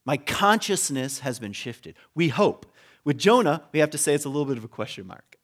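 Animated man preaching a conversational sermon. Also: a little high, moderate pace. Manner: animated storytelling, acting out quoted voices with humor.

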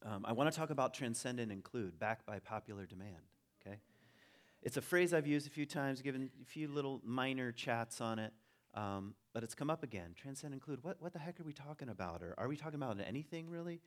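A man's voice: mid-range voice, expressive, brisk. A man giving a reflective talk in a casual, musing way, with frequent ums and dry humor.

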